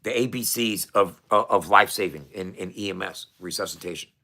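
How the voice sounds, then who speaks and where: A man talking casually to camera, profane and excitable, often restarting his sentences. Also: sits low, fairly quick, slight background noise. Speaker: vlogger.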